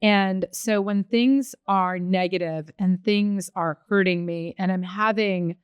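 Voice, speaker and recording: A woman's voice: medium pitch, steady tone, takes it slowly, clear, resonant tone, no echo, dull audio. A woman hosting a podcast interview in a studio, talking in a casual, effusive, enthusiastic way. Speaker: podcast host, chef.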